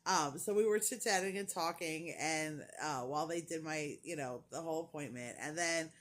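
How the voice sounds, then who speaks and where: This is a woman chatting straight to her camera at home. Her voice sits a little low, and she tells her story loosely, laughing along the way and putting on voices for the people she quotes. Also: normal speed. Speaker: crochet vlogger. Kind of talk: casual chat.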